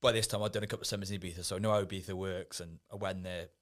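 A man's voice: low-pitched, fairly even intonation, very fast. Laid-back man telling party stories. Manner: laid-back, swearing, laughing anecdotes. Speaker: guest, former Ibiza events worker. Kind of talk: casual podcast chat, storytelling.

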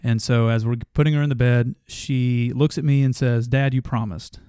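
A man's voice: medium pitch, steady tone, normal speed, mellow, clear, resonant tone, no room sound, clean studio sound. A man in his thirties hosting a motivational podcast, telling a family story in an earnest way that grows passionate. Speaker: podcast host.

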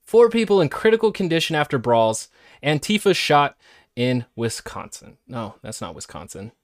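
A man's voice: fairly high pitch, very animated, normal speed, no room sound. Man, podcast host, sarcastic commentary, dry close sound. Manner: sarcastic, mocking impressions. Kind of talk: casual commentary on clips.

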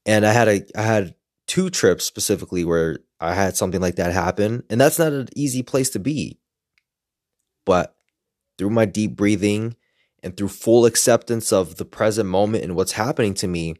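Frank, low-voiced man sharing reflections. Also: moderate pace, no echo, studio quality. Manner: frank, swears often, reflective. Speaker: self-help creator. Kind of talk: casual personal monologue.

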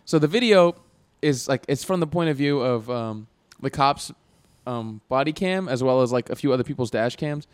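A young man in casual chat who tells animated stories and mimics the people in them. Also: medium pitch, moderate pace, dry recording. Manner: animated storyteller, acts out voices.

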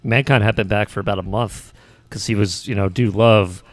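A man's voice: fairly low pitch, steady tone, normal speed, dry recording. A man co-hosting a casual wrestling chat, mostly chiming in with short agreements and chuckles. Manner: brief agreeing interjections, chuckles. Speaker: podcast co-host.

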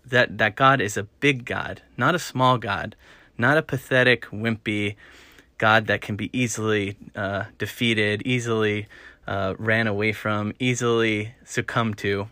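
A man preaching an earnest sermon, repeating words for emphasis and rising to loud stresses. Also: on the low side, steady tone, measured pace, dry recording. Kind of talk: sermon-style teaching.

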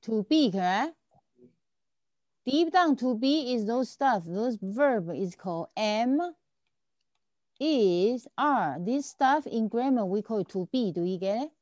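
A woman's voice: fairly high pitch, animated, takes it slowly, a little mellow, dry recording, lo-fi sound. A woman teaching a language lesson, patiently repeating and checking that her students follow. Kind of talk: online tutoring lesson.

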